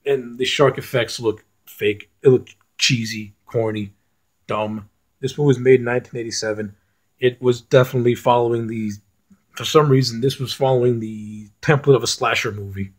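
A man's voice: mid-range voice, fairly even intonation, normal speed. A man reviewing films in a casual rant, blunt and profane, often restarting his sentences. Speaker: film reviewer.

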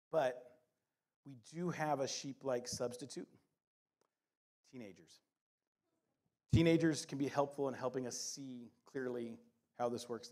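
A middle-aged pastor with a mid-range, darkish voice preaches a sermon, blending scripture readings with playful humor and quick jokes.

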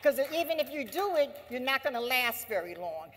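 A woman labor leader giving an impassioned assembly speech, emphatic and repetitive, rising to forceful exhortation. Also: high voice, big pitch swings, fairly quick, a little hiss or hum. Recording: long hall reverb.

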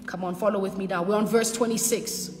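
A woman preaching a sermon with passion, repeating lines and shouting out at times. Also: mid-range voice, fairly even intonation, a little fast, echoey room, big-room sound, soft background music. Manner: impassioned preaching with shouts and repetition.

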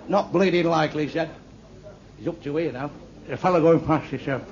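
At a live club venue with an audience, a stand-up comedian with a fairly quick, on-the-high-side voice and darkish tone tells blunt, crude jokes and throws asides to the crowd. The tape is dull, lo-fi, and echoey, with crowd noise.

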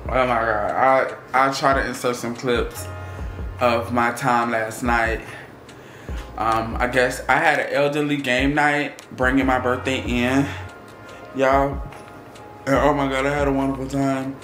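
A young man in his twenties, hoarse from losing his voice, chatting excitedly to viewers in a casual vlog. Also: medium pitch, measured pace, echoey room, faint music behind. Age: 20s. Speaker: vlogger.

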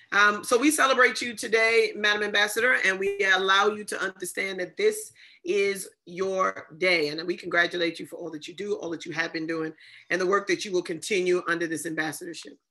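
A woman hosts an online inauguration over a video call, her voice bright and clear. She talks in long strings of thanks and praise, with plenty of ums along the way. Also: medium pitch, steady tone, normal speed. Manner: effusive, many fillers and thanks. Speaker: ceremony host. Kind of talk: emotional ceremony hosting on a video call.

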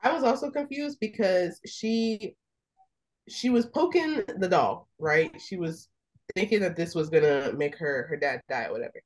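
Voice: mid-range voice, expressive, moderate pace, poor audio. A podcast co-host chatting casually about a film, animatedly retelling the scenes. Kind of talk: casual movie review chat.

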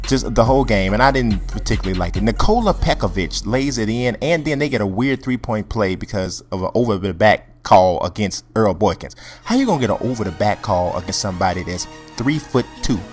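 Male gamer commentator, very lively pitch, playful trash talk, faint music bed. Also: a little fast, hardly any pauses. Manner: animated, joking, trash-talking the players. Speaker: gameplay commentator. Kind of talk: casual play-by-play commentary over a video game.

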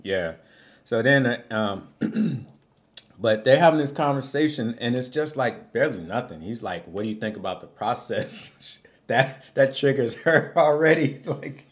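A man's voice: medium pitch, animated, unhurried. A man, father of a young son, casually recapping a reality show episode with a co-host, laughing often and acting out what people said. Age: adult with a young son. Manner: laughs often, loose and joking, acts out quotes.

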